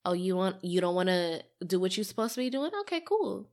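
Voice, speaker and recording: A young woman on a podcast who talks loudly and with animation, laughs often, and uses emphatic slang. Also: fairly low pitch, sing-song, a little fast. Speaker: podcast co-host or guest. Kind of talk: casual podcast chat.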